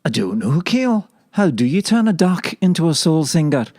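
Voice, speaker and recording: A man doing a squeaky high cabbage. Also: sing-song, normal speed, darkish tone, no echo, studio quality. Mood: puzzled. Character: high-voiced male cabbage friend, puzzled.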